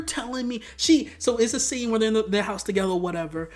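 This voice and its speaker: A man reviewing movies in a casual rant. He swears a lot, rambles, and breaks into sudden loud outbursts. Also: high-pitched, fast talker, hardly any pauses.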